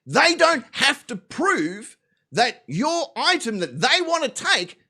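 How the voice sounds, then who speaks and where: A man with a high, bright voice hosts a live talk show. He tells a long anecdote with plenty of profanity, swinging his pitch widely and slipping into quick voices for each character. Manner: animated, profane storyteller doing quick voices.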